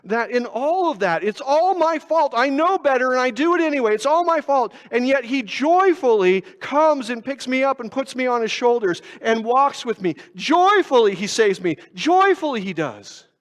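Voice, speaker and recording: An animated pastor with an extremely high voice preaches at normal speed, pausing little. The sermon is casual and self-mocking, built on rhetorical questions, and it echoes with long reverb in the sanctuary.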